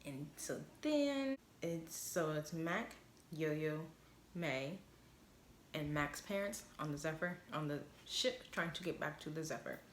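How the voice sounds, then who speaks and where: Low-voiced woman rambling thru a casual recap, says like a lot, echoey room. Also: animated, takes it slowly, slight background noise. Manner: chatty, rambling, fond of "like" and "obviously". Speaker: vlogger recapping a TV episode. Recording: roomy echo.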